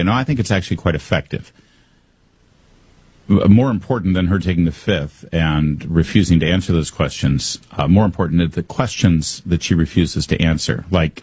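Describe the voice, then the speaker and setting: A man's voice: deep voice, normal speed, a little mellow, husky, no room sound. A man hosting a talk radio show, giving emphatic, sarcastic commentary straight to his listeners. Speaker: radio host.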